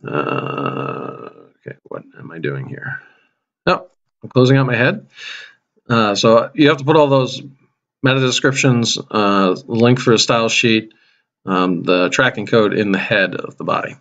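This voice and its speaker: Man, casual coding tutorial, average pitch, relaxed narration while typing, dry sarcastic asides, computer mic at home. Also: measured pace, dull audio. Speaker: high school math teacher demonstrating web coding.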